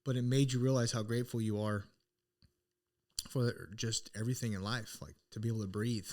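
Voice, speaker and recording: Brisk and darkish in tone, a middle-aged man with a medium-pitched, steady voice co-hosts a podcast. He tells a personal story earnestly and reflectively in a relaxed way, frequently starting over mid-thought.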